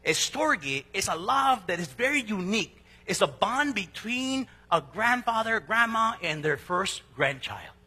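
A man preaching a sermon as a pastor, swinging between loud, emphatic lines and soft asides. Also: high-pitched, sing-song, measured pace, husky, big-room sound.

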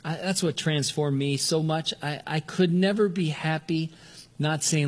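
This older pastor from Southern California preaches earnestly and without hurry, often restarting words and raising his pitch to drive a point home. His intonation stays fairly even.

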